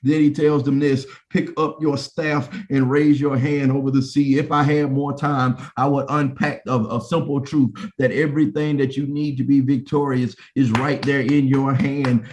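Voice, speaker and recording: A man's voice: mid-range voice, darkish tone. A man preaching a sermon, building emphatic repetitions into impassioned pleas. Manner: repetitive preaching cadence, rising to an impassioned plea. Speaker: pastor.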